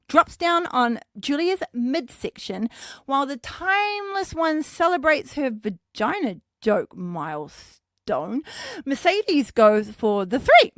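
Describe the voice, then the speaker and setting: A woman's voice: a little high, dry recording, studio quality. A woman recapping a wrestling match in a chatty, sarcastic way, swearing freely and breaking off into playful asides. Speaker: podcast host recapping wrestling. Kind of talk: casual recap commentary.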